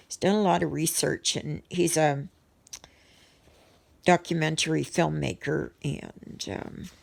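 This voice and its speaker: Her voice sits low with vocal fry as this middle-aged woman vlogger chats casually to viewers while stitching. She rambles, restarting sentences and saying um a lot.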